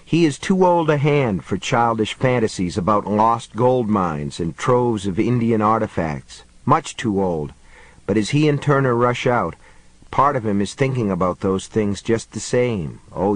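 Guy reading an audiobook, steady measured voice, dry close sound. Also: lowish voice, no echo, poor audio. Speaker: audiobook narrator. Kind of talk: scripted narration.

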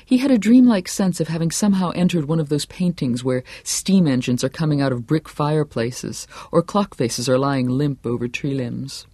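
A man reading a novel aloud in a measured, steady storytelling voice. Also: a little high, no room sound. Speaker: audiobook narrator. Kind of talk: scripted narration.

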